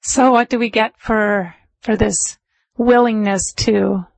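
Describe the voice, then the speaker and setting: Woman meditation teacher, dharma talk, chatty and laughing, mid-pitched, close and dry. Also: gravelly, dry recording, low-quality recording. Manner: chatty storytelling with laughs, slowing to a calm measured close.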